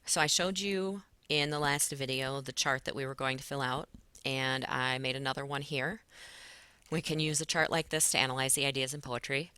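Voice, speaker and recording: A woman's voice: very deep voice, fairly even intonation, moderate pace, pushed and bright, smooth, no echo. A woman English teacher giving a recorded lesson, explaining patiently with frequent fillers.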